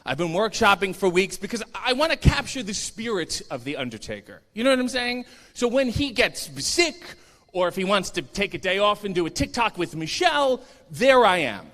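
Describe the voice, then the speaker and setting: Sardonic male stand-up on a live stage, bright, sharp voice that leaps around a lot. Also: high-pitched, normal speed. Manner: animated, sardonic, self-mocking. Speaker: comedian. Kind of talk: stand-up comedy set. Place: convention stage before a live audience. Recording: reverberant stage hall.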